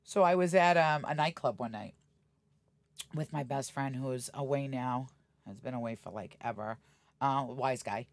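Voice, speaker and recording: In a casual storytelling interview, a middle-aged podcast guest speaks bluntly, swears freely and acts out the voices of the people she quotes with real animation. Her voice rumbles low at a normal speed, and the recording is dry.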